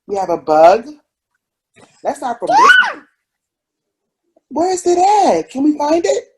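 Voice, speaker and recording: A woman's voice: extremely high pitch, wildly swooping pitch, slow pace, very noisy. A mother playing with her toddler over a picture book, sing-song and making animal noises. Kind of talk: playful talk with a toddler.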